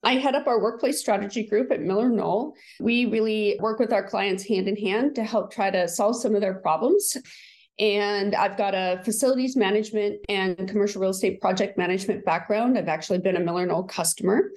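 A woman speaks in a matter-of-fact way on a conversational podcast. Her voice sits at a middling pitch, and she describes her work and background plainly. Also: fairly quick, darkish tone. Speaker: workplace strategy lead.

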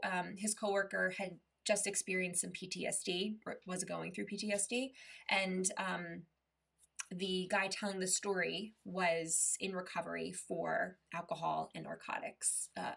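A woman's voice: on the low side, little pitch movement, measured pace, gravelly, a bit bright, husky, far from the mic. A woman hosting an online wellness workshop, talking in an upbeat, encouraging way and telling a story. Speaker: mental health dietitian hosting a session.

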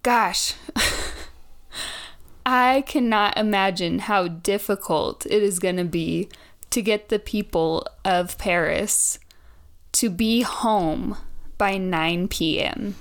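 A woman's voice: mid-range voice, takes it slowly. A young woman in her twenties co-hosting a casual chat podcast, chatty and laughing often as she tells stories. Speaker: podcast co-host.

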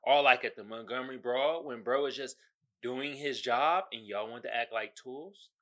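An American man hosts his own podcast, ranting solo in a mocking, profane way and laughing at his own jokes. His voice is medium-pitched and a bit bright, at a moderate pace.

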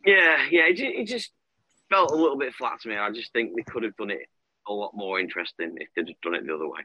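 A man's voice: on the low side, lively intonation, fast talker, sharp tone, no echo, rough recording. A man co-hosting a film podcast, giving his opinion of a movie in a tentative, hedging way. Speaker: podcast co-host. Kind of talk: casual film review chat.

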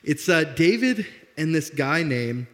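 A young man preaching a sermon as pastor, with a slight lisp, animated and self-deprecating, acting out the dialogue. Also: on the high side, unhurried. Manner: animated, laughs at himself, acts out dialogue. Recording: long hall reverb.

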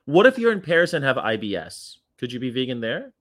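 Man, teasing, stammers, rapid questions, casual chat. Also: mid-range voice, big pitch swings, a bit bright.

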